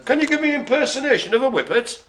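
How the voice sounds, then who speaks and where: A man's voice: extremely high pitch, lively intonation, very fast, fairly bright tone, a little hiss or hum. A man calling bingo with jokes, banter and playful asides to the players. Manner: jokey, chatty, playful asides. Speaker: bingo caller.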